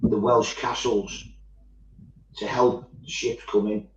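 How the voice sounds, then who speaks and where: A man chatting casually while he paints miniatures, telling animated stories and swearing freely. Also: fairly low pitch, slow, a little hiss or hum. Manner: animated storytelling, swears freely, acts out quoted voices. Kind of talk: casual chat. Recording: echoey, dull-sounding room.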